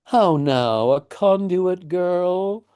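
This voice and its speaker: A man reading the part of a blustering, pompous father who coaxes his daughter in a slow, sing-song voice. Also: high-pitched, lively intonation, dark tone, clear, resonant tone, pitched above the performer's own voice, exaggerated voice. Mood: coaxing. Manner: slow, sing-song coaxing like talking to a toddler. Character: blustering middle-aged father, pompous patriarch.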